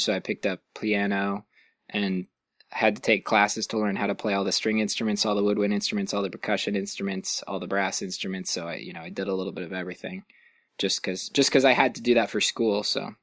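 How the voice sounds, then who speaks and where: Young male host, casual, self-deprecating, lowish voice, dry close recording. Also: no room sound. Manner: modest, laughs often, trails off quietly. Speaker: podcast host. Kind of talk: casual chat. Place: sitting on the floor of his room.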